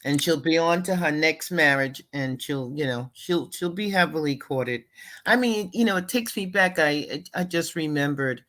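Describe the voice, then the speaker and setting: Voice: medium pitch, normal speed, fairly bright tone. Agreeable talk-show co-host. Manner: agreeable, hesitant restarts, says absolutely. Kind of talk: casual talk-show chat.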